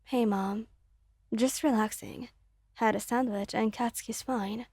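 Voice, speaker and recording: A woman voicing a tired young adult answering overbearing parents, soft and muttered, in a whispered role-play. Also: fairly high pitch, steady tone, measured pace, breathy edge, no echo, clean studio sound. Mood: weary.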